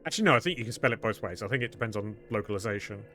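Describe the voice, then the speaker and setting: Bright joking male streamer. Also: fairly low pitch, animated, very fast, faint music behind. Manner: joking, irreverent, chatty. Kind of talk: casual live-stream chat while playing a game.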